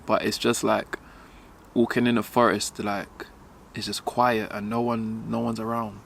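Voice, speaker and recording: A young man vlogging while walking outdoors, speaking haltingly as he holds back tears, with many pauses and fillers. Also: mid-range voice, creaky. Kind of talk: emotional personal vlog.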